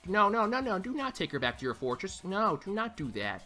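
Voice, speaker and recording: A man's voice: high voice, very animated, brisk, few pauses, pushed and bright, faint music behind. A man giving sarcastic, profane let's play commentary as he plays a game. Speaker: gaming channel host.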